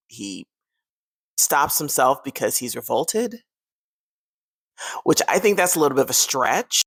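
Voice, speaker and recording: A woman's voice: a bass voice, gravelly, no room sound. A woman hosting a horror movie fun-facts video, talking casually and animatedly and laughing often.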